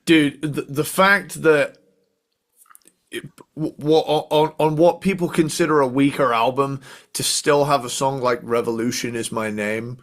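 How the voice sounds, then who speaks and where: A man in his thirties with an ordinary, mid-pitched voice. He speaks in a laid-back, easygoing way, using enthusiastic slang as he co-hosts a casual chat podcast. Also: steady tone, measured pace, a bit bright. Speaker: podcast co-host. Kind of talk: casual chat ranking albums.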